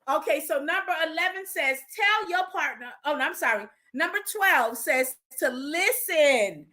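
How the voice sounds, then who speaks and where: Woman host, high bright voice, chatty advice talk. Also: animated, moderate pace, few pauses. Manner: chatty, warm asides to her pet mid-talk. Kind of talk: casual relationship advice talk.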